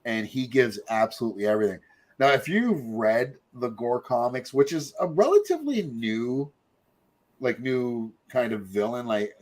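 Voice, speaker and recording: A middle-aged man, hosting a show in casual, rambling chat full of fillers and asides. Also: medium pitch. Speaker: podcast host.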